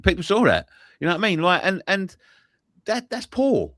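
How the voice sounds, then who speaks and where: A man talks football in a loud, swear-heavy, animated way, his pitch swinging up and down a lot as he tells stories. His voice sounds dry and close, with no room echo. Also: moderate pace. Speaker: football fan pundit. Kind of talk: casual post-match chat.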